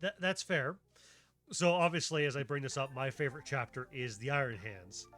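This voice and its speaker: A man's voice: mid-range voice, moderate pace, fairly bright tone. A man streaming a casual chat, rambling from tangent to tangent and swearing freely. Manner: rambling, tangent-jumping, profane. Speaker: streamer, host.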